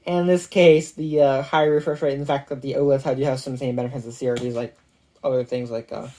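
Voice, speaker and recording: A tech reviewer giving a casual product review, recorded on a phone, talking in a rambling, halting way with many restarts and self-corrections. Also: mid-range voice, little pitch movement, mellow. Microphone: phone mic.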